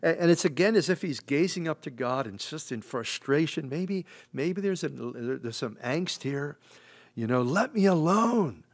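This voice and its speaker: A man's voice: mid-range voice, lively intonation. A man preaching a midweek Bible-study sermon as pastor, talking conversationally with frequent restarts and acting out the lines he quotes. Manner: conversational, halting, with many restarts and acted-out quotes. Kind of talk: expository sermon. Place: church sanctuary.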